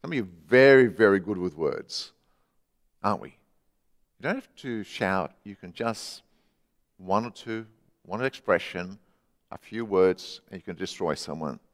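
A middle-aged man preaching a sermon, conversational, dropping from loud to hushed for emphasis. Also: low-pitched, expressive, unhurried, long pauses, big-room sound. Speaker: pastor. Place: church.

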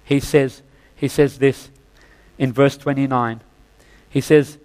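Male preacher, mid-pitched, fervent sermon delivery, long hall reverb. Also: little pitch movement, slow, long pauses, a little mellow. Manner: preaching with rising fervor, addressing listeners as friends.

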